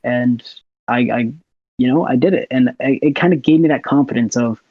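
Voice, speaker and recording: Talking fairly quickly at medium pitch, this relaxed young man from the United States is a podcast guest who laughs from time to time in casual conversation. The recording is dull, lo-fi and dry.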